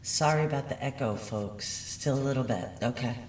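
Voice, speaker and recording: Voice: mid-range voice, normal speed, a little mellow. A true crime channel host in casual livestream chat, friendly and apologetic, often checking whether the audio sounds right. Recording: echoey room audio, distant mic, faint noise.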